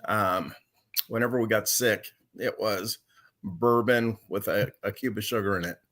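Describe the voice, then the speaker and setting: Bright-voiced male podcast guest. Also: lowish voice, unhurried. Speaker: guest author. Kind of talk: casual conversation.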